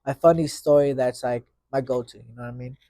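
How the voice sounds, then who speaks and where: A man's voice: mid-range voice, fairly even intonation, a little fast, dark tone, dry recording, studio quality. A young man hosting his own podcast, telling a casual story full of slang and constant fillers. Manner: slangy, rambling, full of fillers like "you know what I mean". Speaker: podcast host.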